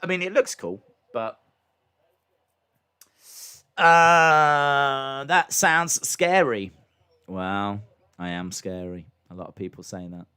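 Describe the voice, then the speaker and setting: A man hosting a live reaction stream, excitably commenting and answering chat questions, his microphone clipping when he gets loud. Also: a little high, takes it slowly, long pauses, clear, resonant tone. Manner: excitable, hums entrance themes, answers chat. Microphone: desk microphone that clips when loud.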